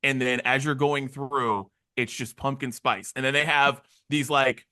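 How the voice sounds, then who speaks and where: Bright, animated podcast man. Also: medium pitch, a little slow, no room sound, studio quality. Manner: animated storytelling with acted-out quotes. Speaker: podcast co-host. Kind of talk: casual chat.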